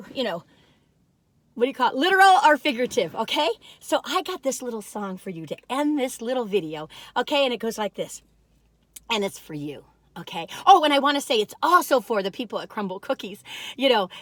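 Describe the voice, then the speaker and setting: Folksy woman vlogger, fairly high voice, chatty and homespun, dry close recording. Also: dry recording. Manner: folksy, warm-hearted, says "you all" often. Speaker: food review vlogger. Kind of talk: chatty cookie taste-test vlog.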